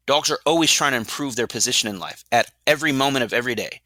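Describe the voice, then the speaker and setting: A middle-aged man who trains dogs explains his methods in an energetic, blunt way and often poses rhetorical questions. His voice is keen and very bright at a medium pitch. The sound is dry and close. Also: fast talker, few pauses, no echo. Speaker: dog trainer, guest. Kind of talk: explanatory interview talk.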